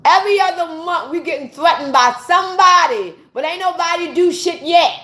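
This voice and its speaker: A woman from the United States with a high-pitched voice delivers a fiery, profanity-laced rant, lecturing her viewers like a street preacher. The recording sounds roomy, with noticeable echo off the walls. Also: moderate pace, sharp tone, a little hiss or hum. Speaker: vlogger. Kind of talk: impassioned monologue to viewers. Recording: echoey room.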